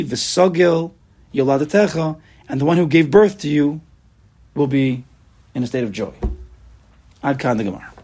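A man teaching a Talmud and Chassidus class, chanting the texts and explaining them in an animated way. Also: medium pitch, husky. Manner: animated, sing-song reading of Hebrew and Aramaic text. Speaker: Torah teacher.

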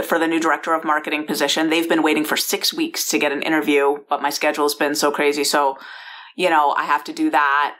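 Speaking from her bedroom, a founder and host from San Francisco shares a personal story straight to the listener in a low, slightly bright voice. Her style is chatty, with restarted sentences and asides along the way.

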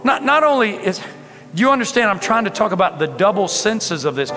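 Preacher, high voice, big swings from shouts to near whispers, reverberant church hall with music behind. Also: male voice, fairly quick. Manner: animated preacher, swings from loud to soft, laughs with the congregation. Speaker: pastor. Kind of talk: sermon. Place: large church hall with congregation.

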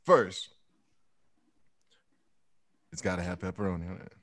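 A man hosting a casual group chat, teasing his friends loudly, swearing freely and laughing often. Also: low-pitched, a little slow. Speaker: podcast host.

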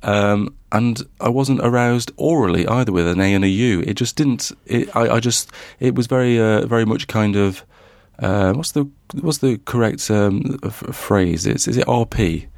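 A man's voice: fairly low pitch, normal speed, gravelly, hardly any pauses, a little mellow, dry recording. A man co-hosting a podcast, chatting casually and hesitantly, full of restarts. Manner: hesitant, many fillers and restarts. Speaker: podcast co-host. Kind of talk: casual chat.

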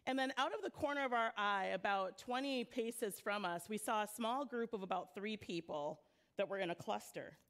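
A woman youth pastor giving a church sermon, praying and then telling stories in a relaxed, conversational way with frequent laughter. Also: medium pitch, moderate pace. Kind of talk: sermon with storytelling. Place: church sanctuary.

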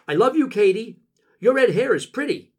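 A man doing a shy little boy in an audiobook, with a high, sweet voice that lifts well above an adult's and rings out brightly. The voice carries a husky grain under its childish tone. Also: big pitch swings, normal speed, exaggerated voice. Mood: tender.

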